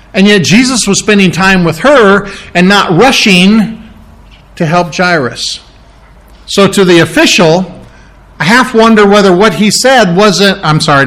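Higher-voiced man teaching a sermon. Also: a bit bright. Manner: thoughtful, stops to restart and correct himself, often clears throat. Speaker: pastor. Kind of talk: verse-by-verse Bible teaching sermon.

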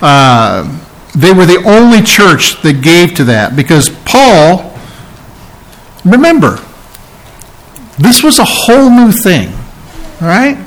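A man preaching from the pulpit in a fairly high voice. He talks in a conversational way, with restarts and fillers, and rises for emphasis when he reads and explains Bible verses. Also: very animated, slow, long pauses, rough recording. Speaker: pastor. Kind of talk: sermon.

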